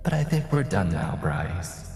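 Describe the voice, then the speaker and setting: A man's voice: low voice, very animated, measured pace, darkish tone, reverberant, long reverb tail, soft background music, exaggerated voice. A man voicing a sly, cruel male monster in a hissing whisper, as whispered role-play. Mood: gleeful.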